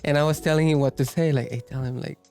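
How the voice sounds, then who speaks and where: A man co-hosting a casual podcast chat, animated and stumbling over his words while laughing. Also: a little high, fast talker, soft background music. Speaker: podcast co-host.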